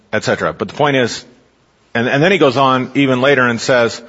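A man's voice: mid-range voice, a little fast, a bit bright. A man preaching a sermon, teaching in a conversational way and putting questions to his listeners. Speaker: pastor. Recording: dull, reverberant hall recording.

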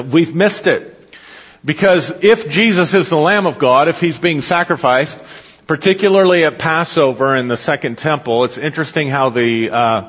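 A man's voice: a little high, a bit bright, breathy edge. Guy preaching in a church hall, reads the bible then explains it, kinda dull recording with a long echo. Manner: reads scripture then explains it, asks the listeners questions. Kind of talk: sermon with scripture reading.

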